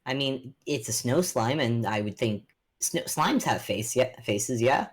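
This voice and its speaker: A woman's voice: a bass voice, lively intonation, a little slow, breathy edge. A woman playing a tabletop game, chatting and thinking aloud with amusement. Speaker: player. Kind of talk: casual tabletop play.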